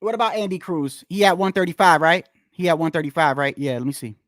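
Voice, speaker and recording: A man's voice: on the high side, quick pace, fairly bright tone, no room sound, studio quality. A man ranting casually about boxing rankings, profane and repetitive, tired after a long day and talking straight to his viewers. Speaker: boxing commentator.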